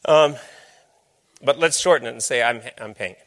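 A man's voice: medium pitch, normal speed, a bit bright. A man giving a lecture with slides, talking in a conversational, storytelling way. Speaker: speaker.

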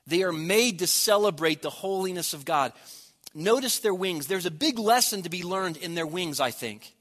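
A man preaching a sermon, swelling loud on key words and dropping to a near hush at the ends of phrases. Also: sits high, lively intonation, moderate pace.

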